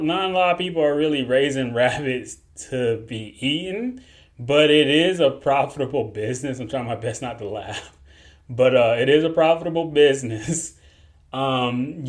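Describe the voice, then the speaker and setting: A man talks loosely into his podcast mic, joking and stifling chuckles as he goes. His voice sits at an ordinary middle pitch. The delivery is relaxed and conversational, the sound of a host chatting on his own show. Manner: laid-back, joking, chuckles through lines. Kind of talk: casual solo podcast talk.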